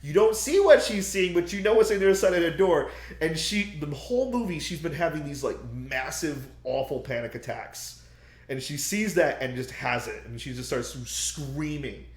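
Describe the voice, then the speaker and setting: A young man co-hosting a podcast, retelling a movie plot in loud, profane, animated bursts and acting out screams. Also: on the high side, moderate pace, roomy sound. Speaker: podcast co-host.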